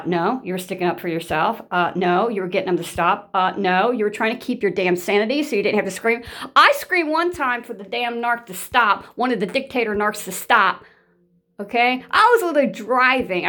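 A woman with a medium-pitched, slightly bright voice speaks briskly and animatedly, addressing her viewers directly in a casual monologue. She's blunt and emphatic, repeats points to drive them home, and swears freely.

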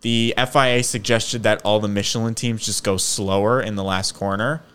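A man's voice: on the low side, fairly even intonation, normal speed, fairly bright tone, clear, resonant tone. A man co-hosting a podcast, casually explaining a story at length with some laughs. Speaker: podcast co-host. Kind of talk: casual chat.

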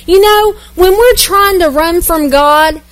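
A woman pastor delivers a sermon in a high, bright-sounding voice. She preaches earnestly, repeating phrases and building emphasis as she goes. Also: takes it slowly.

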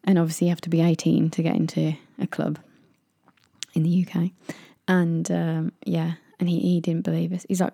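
Gravelly English woman telling stories. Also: on the low side, little pitch movement, normal speed, warm tone, no echo, clean studio sound. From England. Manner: chatty storyteller, acts out quotes in raised voices. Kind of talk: casual chat.

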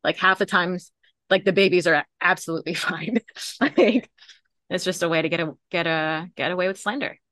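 A woman's voice: on the low side, fairly even intonation, fairly quick, sharp tone, dry recording. A woman from Rhode Island co-hosting a podcast, chatting animatedly with lots of fillers. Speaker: podcast co-host. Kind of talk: casual podcast chat.

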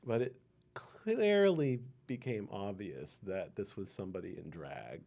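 An older man reminisces in an oral history interview, with an easy, unhurried storytelling manner full of ums. His voice sits low and mellow. His pitch rises and falls in lively swings. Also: gravelly. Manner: unhurried, many ums, chuckling.

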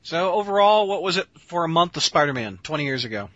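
A man's voice: a little high, big pitch swings, fast talker, fairly bright tone, no room sound, dull audio. A man co-hosting a casual chat, asking questions and reading out notes. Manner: asks questions, reads out notes. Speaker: podcast co-host.

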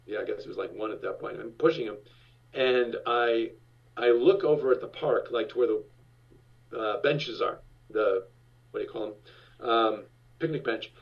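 A man's voice: mid-range voice, moderate pace, creaky. An older man spinning a long anecdote as an interview guest, restarting sentences and voicing the people in his story. He sits away from the microphone, so he sounds distant. The recording is dull and lo-fi. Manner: rambling, restarts, lively voiced-out quotes. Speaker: actor guest recalling his TV show.

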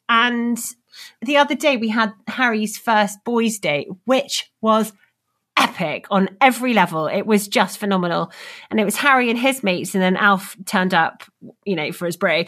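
A woman guest in casual podcast chat, telling lively, excitable stories. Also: mid-range voice. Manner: lively, excitable storytelling with laughter.

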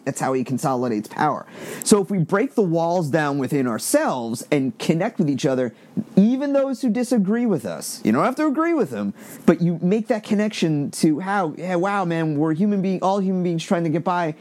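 A middle-aged man from Long Island with a slight Long Island accent, talking in a rambling, animated monologue and swearing freely as a podcast host. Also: a little high, a little fast. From Long Island, New York. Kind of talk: casual opinion monologue.

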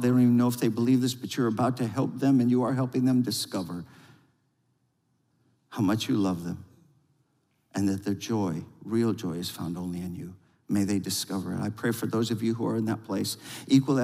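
A man preaching to his congregation, shifting between playful storytelling and soft, earnest prayer. His voice is of middling pitch and carries a long reverb through a large church hall. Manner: storytelling with rising excitement, then hushed prayer. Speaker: pastor. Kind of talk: sermon. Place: church sanctuary.

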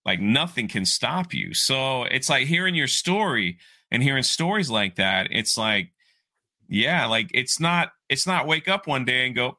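A man hosting a podcast, retelling a story in a lively, animated way. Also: medium pitch, unhurried. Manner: animated storyteller, acts out quoted voices. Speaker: podcast host. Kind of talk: casual podcast chat.

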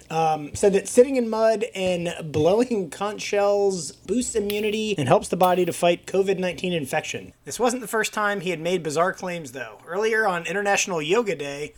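A man's voice: high voice, moderate pace. A man co-hosting a casual podcast, reading a news story and tossing in wry, self-deprecating asides. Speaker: podcast co-host.

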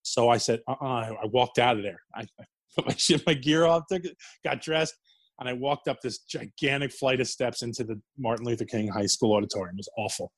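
A man's voice: mid-range voice, a little fast, no echo. A man telling wrestling stories in a casual interview, swearing freely and laughing as he goes. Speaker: guest, former wrestler.

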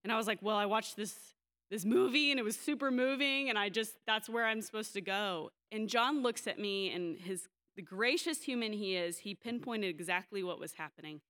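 A woman's voice: mid-range voice, moderate pace, fairly bright tone. A young adult woman pastor preaching a sermon in a candid, storytelling way, livening up when she quotes others.

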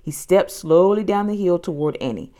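A woman reads a children's storybook aloud with expressive, dramatic delivery. Her voice is lowish and her pace moderate.

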